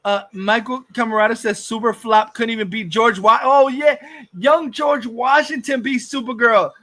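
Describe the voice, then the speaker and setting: A man's voice: very high-pitched, steady tone, moderate pace, bright, forceful tone. A man hosting a livestream, ranting angrily and profanely, repeating himself. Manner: furious, profane, repetitive ranting. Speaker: livestream host.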